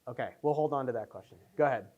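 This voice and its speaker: A man's voice: medium pitch, racing, darkish tone, highs cut off. Man fielding questions after a screening, loose rambling storyteller, acts out his own quotes. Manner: rambling anecdotes, many fillers, acts out quotes. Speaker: filmmaker answering audience questions. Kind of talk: casual post-screening Q&A. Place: screening room before an audience.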